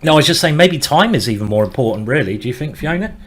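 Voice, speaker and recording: A man hosting live chess commentary in a casual, excitable way, urging the players on. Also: medium pitch, fast talker, slightly rough.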